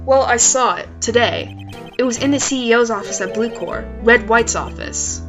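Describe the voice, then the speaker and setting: A woman voicing an earnest, wary young male defense lawyer, speaking low and muttered in places. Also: moderate pace, a bit bright, soft background music.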